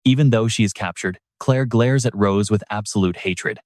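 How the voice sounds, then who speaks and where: Male recap narrator: low, steady storyteller, dry booth sound. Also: normal speed, dry recording. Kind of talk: scripted narration.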